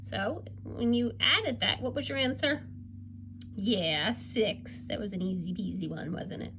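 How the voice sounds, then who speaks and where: A woman's voice: medium pitch, measured pace, bright, forceful tone, a little hiss or hum. A woman teaching a recorded reading lesson to young children, upbeat and encouraging with a sing-song teacher voice. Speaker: kindergarten teacher.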